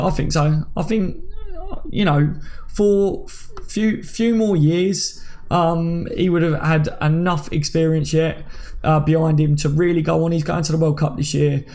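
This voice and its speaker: Man, 30s, livestream host, gravelly fry, slightly high voice, chatty banter with viewers. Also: darkish tone. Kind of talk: casual live chat reading comments.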